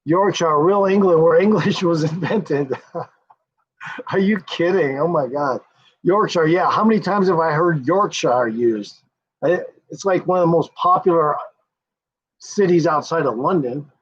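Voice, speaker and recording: Husky and a little high, the man's voice moves a bit slowly as he hosts a casual livestream from the United States. He rambles and curses, often chuckling with his viewers, all on dull lo-fi audio.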